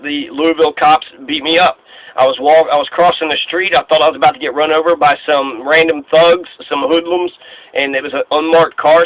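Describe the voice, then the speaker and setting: A man's voice: fairly high pitch, fairly bright tone, dry recording, poor audio. A man giving a heated, profane, rambling monologue, full of fillers and restarts. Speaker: political commentator. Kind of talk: casual monologue.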